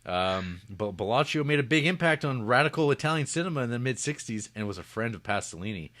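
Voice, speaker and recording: A man's voice: medium pitch, expressive, fast talker, a bit bright. A man co-hosting a podcast, reading out notes and joking with dry, wry humor. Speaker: podcast co-host. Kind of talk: casual chat with read-out notes.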